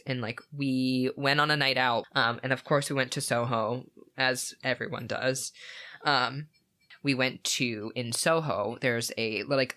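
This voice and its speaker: A man's voice: mid-range voice, sharp tone. A young man co-hosting a podcast, telling a story in a rambling, enthusiastic way with plenty of filler words. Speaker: podcast co-host. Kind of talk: casual chat.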